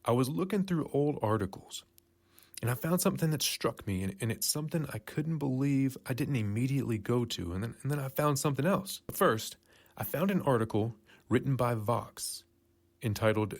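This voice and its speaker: A man's voice: mid-range voice, animated, moderate pace. A man hosting a casual news commentary show, rambling and conspiratorial, often correcting himself mid-sentence. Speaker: podcast host.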